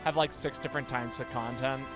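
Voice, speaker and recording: A man's voice: mid-range voice, steady tone, fairly quick, music in the background. A man streaming a video game, chatting casually with a friend and stumbling over repeated words. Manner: hesitant, repeats words, laughs easily. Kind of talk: casual gaming stream chat.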